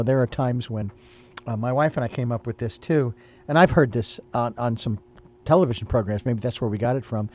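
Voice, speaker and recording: An older man hosting a casual spiritual talk, pausing and restarting as he searches for the right words. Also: fairly high pitch, darkish tone. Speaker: host.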